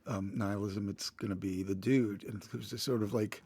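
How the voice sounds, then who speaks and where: Man, philosophy professor, husky mid-range voice, dry sound, keen and appreciative. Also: fairly low pitch, steady tone, moderate pace, mellow, no room sound. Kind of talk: casual academic podcast discussion.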